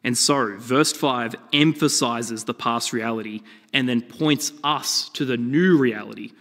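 A man's voice: medium pitch, unhurried. Man preaching in a reverberant hall. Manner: animated storytelling with shifting emphasis. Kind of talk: sermon.

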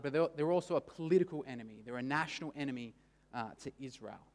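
A man preaching a sermon in a casual, conversational way, often checking in with "right?". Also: mid-range voice. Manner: casual, frequent "right?" and "kind of" asides. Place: church. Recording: long church hall reverb.

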